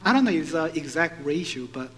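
A male pastor preaching a sermon, animated and putting questions to his congregation. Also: a little high, fast talker, low-quality recording.

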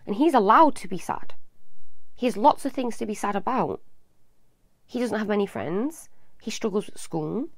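Animated woman hosting a live advice show. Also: mid-range voice, normal speed, long pauses, no room sound, studio quality. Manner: animated, affectionate, addresses viewers as little loves. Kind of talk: live advice talk to children.

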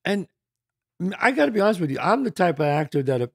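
A man hosts a casual interview, his voice gravelly and husky with a slightly high pitch. He tells stories with lively swings in tone and acts out quoted lines, recorded close and dry. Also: quick pace, no room sound. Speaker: podcast host.

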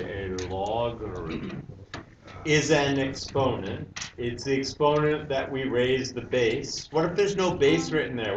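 A man's voice: medium pitch, lo-fi sound. A male math teacher lecturing a class, explaining step by step and questioning the students. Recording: roomy, distant classroom mic with hiss.

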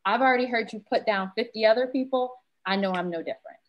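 A woman's voice: on the high side, quick pace, dull audio, background noise. Woman panelist, candid storyteller, quotes people as she goes; round table discussion.

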